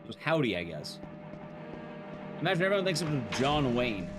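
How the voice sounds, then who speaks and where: Man chatting to stream chat, lively. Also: medium pitch, normal speed. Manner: rambling, profane, talks to chat. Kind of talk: casual live-stream commentary while gaming. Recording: game music behind.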